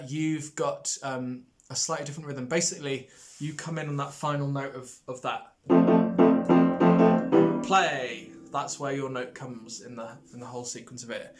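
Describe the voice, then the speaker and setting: A man's voice: medium pitch, fairly bright tone. A man teaching brass players in a recorded lesson, friendly and hesitant, with many ums, singing rhythms out as "da". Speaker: music teacher.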